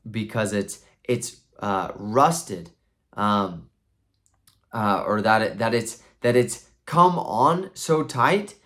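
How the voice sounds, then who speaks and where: A man voicing a male jester who gives rambling, halting advice. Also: on the low side, a bit bright.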